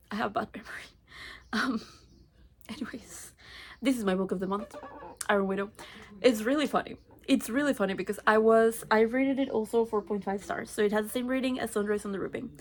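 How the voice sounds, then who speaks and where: Chatty young woman, slightly high voice. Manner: chatty, rambling, with many fillers and self-corrections. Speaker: book vlogger. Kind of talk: casual book review chat.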